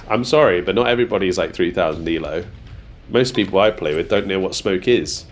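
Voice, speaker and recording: A man livestreaming a game, chatting casually with viewers while badly congested from a cold, joking and swearing, with sudden bursts of excited shouting. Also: deep voice, a little fast. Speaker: livestreaming gamer. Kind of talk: casual live gameplay chat. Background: music.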